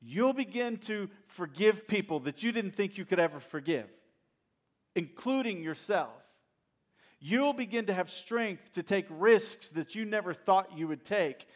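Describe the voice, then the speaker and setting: A male pastor preaching a sermon, retelling a story with animated, humorous asides to the congregation. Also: high-pitched, unhurried. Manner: addresses congregation directly.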